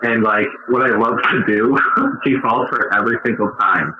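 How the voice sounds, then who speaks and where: Trading loose banter as a podcast co-host, a man tells rambling, profane anecdotes and laughs through many of them. His voice is mid-range and moderately paced. The dull, lo-fi recording is reverberant, with a noisy background.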